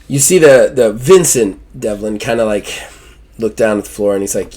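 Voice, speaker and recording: A man narrating as game master in a casual, halting way with many fillers. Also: lowish voice, a little mellow.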